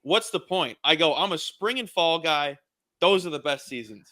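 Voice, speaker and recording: A man's voice: a little high, moderate pace. A man co-hosting a podcast, telling a story in a casual chat and laughing through it. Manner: laughs through his stories, excitable. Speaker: podcast co-host.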